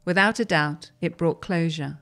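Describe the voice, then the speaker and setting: Steady woman reading articles aloud, lowish voice. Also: moderate pace. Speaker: reader of articles.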